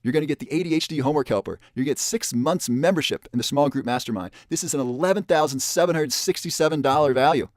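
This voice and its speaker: A man presenting a webinar, pitching a parenting program and repeating the offer and the spots left. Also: fast talker, hardly any pauses, no room sound, studio quality. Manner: pushy salesman tone, repeats offers and counts down spots.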